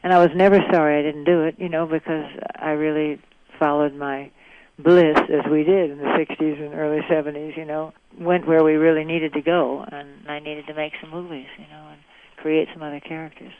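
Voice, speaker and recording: An older actress as a guest, telling long rambling stories and dropping many "you know"s. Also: female voice, low-pitched, level tone, a little fast. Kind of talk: anecdotal interview chat. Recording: dry tinny phone-like line.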